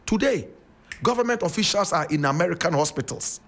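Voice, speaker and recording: A man's voice: high voice, animated, a little fast, fairly bright tone, a little hiss or hum. A man with a Ghanaian accent giving impassioned commentary, emphatic and preaching, firing rhetorical questions. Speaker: radio commentator.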